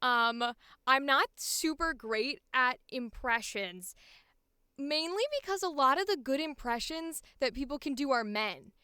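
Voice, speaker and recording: A woman's voice: sits high, expressive, a little slow, sharp tone, clean tone, no room sound, studio quality. A young woman, a voice actor, chatting casually and bubbly on a livestream, rambling and laughing often. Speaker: voice actor streamer.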